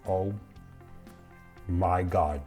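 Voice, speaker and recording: A man's voice: sits low, fairly even intonation, very slow, a little mellow, faint music behind. A man hosting a casual home cooking vlog, joking and talking to himself while he bakes and eats. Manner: playful, jokey, talks to himself while cooking; eating and chewing while talking. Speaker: cooking channel host.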